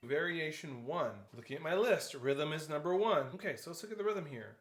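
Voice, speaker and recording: A man's voice: on the high side, lively intonation, a little fast, loud music behind the voice. A man teaching a percussion lesson, explaining step by step, counting aloud and calling out notes and stickings. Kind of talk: instructional tutorial. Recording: echoey room with faint noise.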